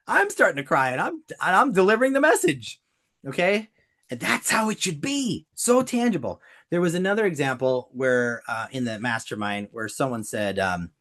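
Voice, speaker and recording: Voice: mid-range voice, big pitch swings, normal speed, a bit bright. A business coach hosting a podcast, talking emphatically to a co-host, repeating key points and getting emotional over the examples.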